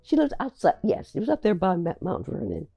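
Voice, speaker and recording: Older woman telling a halting story. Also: medium pitch, sing-song, vocal fry, dark tone, husky, soft background music. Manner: halting, repeats words and restarts while remembering. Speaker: playwright recalling her career. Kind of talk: reflective personal storytelling.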